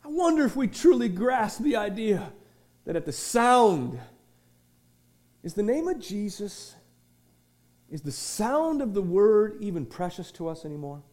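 High-voiced man preaching with shouted peaks. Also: very animated, a little slow, long pauses. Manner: preaching with sudden shouted peaks and quiet asides. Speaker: pastor. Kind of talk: sermon. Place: church.

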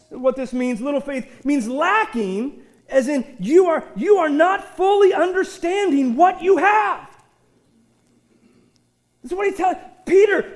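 A man preaching a sermon in an animated way, often repeating words as he goes and pushing out loud bursts of emphasis. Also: very high-pitched, a little slow. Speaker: pastor.

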